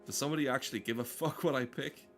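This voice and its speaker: A man's voice: mid-range voice, fast. A man rambles and jokes while he plays a game, swearing freely. His talk is casual, with asides to himself. Game music sits faintly behind him. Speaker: gaming streamer. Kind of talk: casual let's play commentary.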